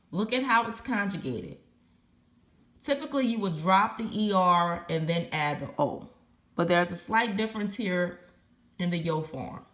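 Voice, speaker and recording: A woman's voice: lowish voice, roomy sound. A woman teaching a recorded Spanish lesson, patiently spelling out verb endings letter by letter.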